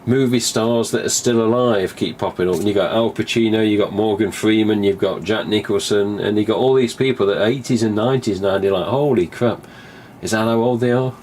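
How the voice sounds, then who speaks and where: With a voice on the low side, a little mellow and a little fast with few pauses, a man from England hosts a live stream amid slight background noise. He rambles chattily, curses casually, and acts out remembered dialogue.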